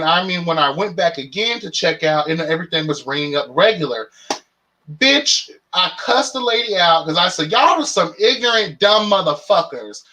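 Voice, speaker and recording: High-voiced sassy man telling a story. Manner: profane, sassy, animated storytelling; exasperated, dramatic retelling. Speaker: channel host. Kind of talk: casual storytelling rant.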